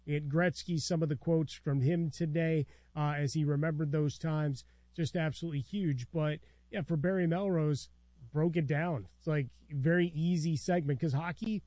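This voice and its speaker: A man's voice: on the high side, fairly even intonation, moderate pace, dark tone, no room sound. A man co-hosting a casual sports talk show, chiming in with easy, agreeable asides.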